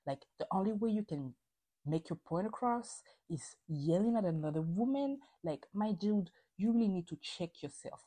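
A woman hosts a podcast recapping reality TV, casual and opinionated, swearing freely and acting out quotes. Her voice is lowish and mellow.

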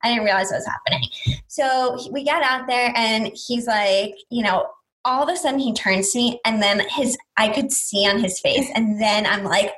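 A young woman with a slightly high voice tells a long personal story over casual chat. She talks in a chatty, rambling way, filling her sentences with "like" and acting out what people said. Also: normal speed, low-quality recording. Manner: chatty, lots of "like", animated retelling with quoted voices.

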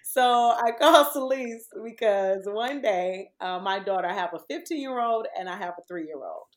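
Animated woman telling stories. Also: mid-range voice, moderate pace. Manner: animated storyteller, laughs often. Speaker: podcast guest. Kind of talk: casual podcast conversation.

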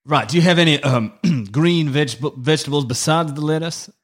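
A man's voice: a little high, normal speed. A man playing in a tabletop game, speaking politely and hesitantly with plenty of fillers. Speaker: player.

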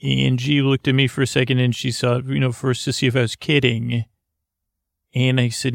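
Male storyteller, gentle and halting, gravelly voice with little pitch movement, dry close mic. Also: level tone, dry recording. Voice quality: meandering, halting with many fillers and restarts. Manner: soft, drowsy and gentle. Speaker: storyteller narrating as a character. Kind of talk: improvised rambling bedtime-style storytelling.

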